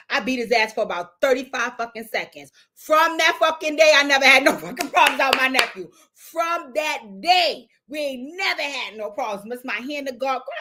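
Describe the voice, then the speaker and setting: A woman hosting a casual livestream, telling a loud, profane, animated story to her viewers. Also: high-pitched. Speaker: show host.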